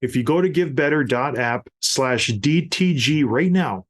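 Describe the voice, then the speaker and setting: A middle-aged man hosts a casual podcast chat with an animated, laughing storytelling manner. His voice sits at an ordinary middle pitch. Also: measured pace. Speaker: podcast host.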